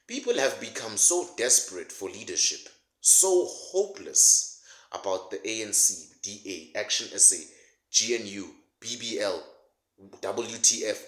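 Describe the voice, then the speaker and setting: A man's voice: on the low side, a bit bright. A man delivering a sarcastic, mocking comedic rant as a political commentator, laughing at his own jokes. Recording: roomy echo.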